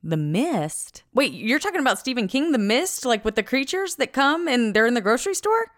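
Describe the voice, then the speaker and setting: A woman's voice: a little high, very animated, normal speed, a bit bright, dry recording, studio quality. A woman in her thirties co-hosting a casual chat, teasing and laughing often. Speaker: podcast co-host.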